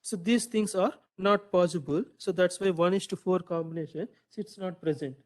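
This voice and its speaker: A man lecturing to a class in a fairly high voice. He keeps quizzing his students, echoing their answers back and tagging "right?" onto his points. His talk is loose and full of "so". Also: moderate pace.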